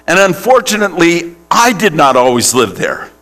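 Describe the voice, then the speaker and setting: A man's voice: fairly high pitch, very animated, moderate pace, a bit bright. A male pastor preaching a sermon in a church, putting questions straight to the congregation. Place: church sanctuary.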